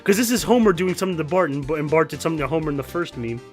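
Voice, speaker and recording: Casting: lively let's-play guy from New York, goofy, jokey, slightly high voice, music underneath. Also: rapid-fire. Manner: goofy, joking, laughs a lot. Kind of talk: casual gameplay commentary.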